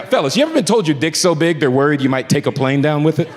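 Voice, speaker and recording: A young man doing crude, animated stand-up storytelling with mock outrage on a comedy club stage, talking into a handheld mic. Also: a little high, brisk, long pauses, very noisy. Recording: live club, crowd laughter, long reverb.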